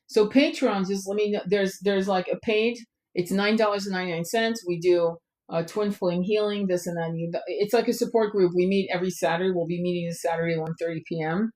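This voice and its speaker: A woman hosting a spiritual live stream, guiding a soft, slow meditation and then chatting loosely with many fillers. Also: fairly low pitch, steady tone. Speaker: spiritual tarot channel host.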